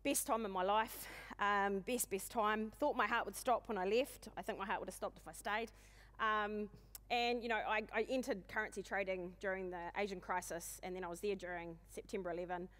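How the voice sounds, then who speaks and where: A woman in her forties with a New Zealand accent, giving a humorous, self-deprecating keynote talk in a loud, booming voice and speaking fast. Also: fairly even intonation. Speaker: conference speaker. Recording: long hall reverb.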